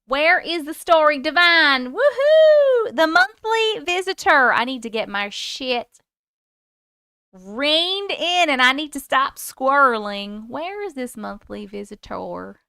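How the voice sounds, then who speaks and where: A woman's voice: high-pitched, animated, takes it slowly, gravelly, bright, forceful tone, dry recording, clean studio sound. A woman in her forties hosting a livestream, chatting with viewers and reading their stories aloud in a bubbly, casual way. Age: 40s.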